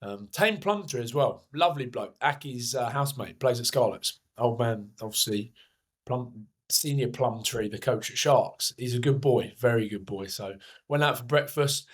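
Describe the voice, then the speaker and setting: A man's voice: mid-range voice, moderate pace. A young man co-hosting a podcast, hungover, telling rambling, self-mocking stories in casual chat. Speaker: podcast co-host.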